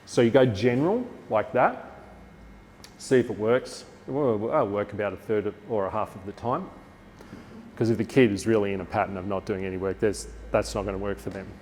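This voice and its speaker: An Australian man giving a lively workshop talk to teachers, acting out classroom lines with a bigger, brighter voice. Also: fairly low pitch, fairly quick, in a large hall, slight background noise. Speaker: teacher trainer.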